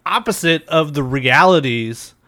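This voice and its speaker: A man's voice: on the high side, lively intonation, a little slow, pushed and bright, no echo. Easygoing male podcast host, dry sound. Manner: easygoing, swears casually, asks questions loosely. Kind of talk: casual chat.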